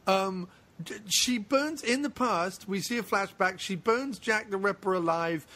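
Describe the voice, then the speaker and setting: A man hosting a casual podcast chat, excitable and quick to mock. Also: sits high. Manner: excitable, breaks into mocking put-on voices. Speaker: podcast host.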